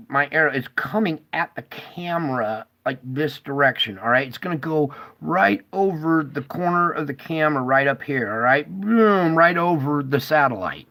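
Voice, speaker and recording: On a live stream, a man with a medium-pitched voice urgently walks his viewers through space-weather charts. He points things out and keeps checking in with "okay?" and "all right?" His delivery is alarmed and emphatic, swinging between loud bursts and hushed asides.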